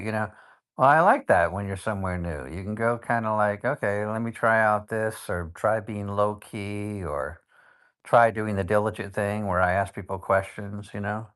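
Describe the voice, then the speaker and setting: A man chatting casually in an online audio room, giving relaxed advice. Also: on the low side, a little fast. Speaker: participant in audio chat. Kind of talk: casual chat.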